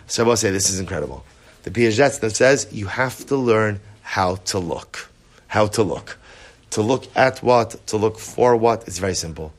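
A middle-aged man teaching a Torah class to his study group, animated and repetitive, often acting out inner voices. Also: fairly low pitch. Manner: animated, repetitive, acts out inner voices, mixes Hebrew terms.

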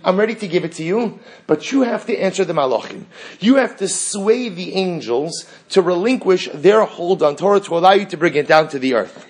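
A man teaching a Talmud class, telling the story with animated dialogue and rhetorical questions. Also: sits high, fairly quick, breathy edge. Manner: animated storytelling, acting out dialogue between characters; frequent restarts and rhetorical questions. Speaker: Torah teacher.

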